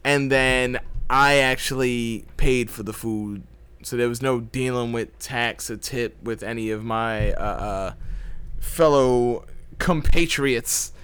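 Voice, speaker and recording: A man co-hosting a casual podcast, explaining things in a measured way with a few restarts. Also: mid-range voice, fairly bright tone, clean tone. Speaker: podcast co-host. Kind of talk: casual conversation.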